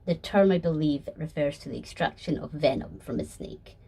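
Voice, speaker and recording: A woman's voice: deep voice, dark tone, breathy edge. A woman voicing a sly, polished male deceiver who talks formally with dry sarcasm in a fan audio sketch. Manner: formal, measured, dryly sarcastic.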